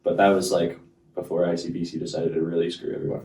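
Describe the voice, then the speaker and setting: A man chatting casually on a podcast, laid-back, with quick agreeing interjections and casual swearing. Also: sits low, level tone, mellow. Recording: roomy, distant mic.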